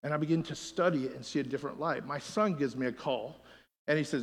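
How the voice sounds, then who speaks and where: A middle-aged pastor preaching a sermon, swinging between shouted passages and quieter talk to the church. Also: male voice, mid-range voice, a little fast, gravelly, pauses often, long reverb tail, slight background noise. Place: church sanctuary.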